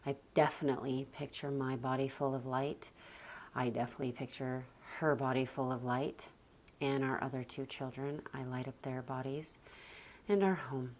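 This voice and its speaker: A woman who homeschools her children, talking casually to the camera in a calm, soft-spoken and reflective way, with sighs and a lot of "like". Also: rumbling low, moderate pace. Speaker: homeschooling mother and parenting vlogger.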